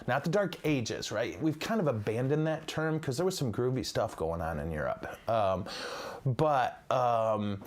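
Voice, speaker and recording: A man's voice: medium pitch, expressive, unhurried. A man, a priest, giving a livestreamed teaching in a chatty, joking, digressive way. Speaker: priest teaching church history.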